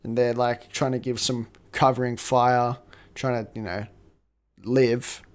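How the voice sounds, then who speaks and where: A man of average pitch tells a film's story in a loose, swearing style. He sounds animated and conversational, like a podcast co-host talking with a friend. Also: measured pace. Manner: profane, animated retelling. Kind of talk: casual film recap.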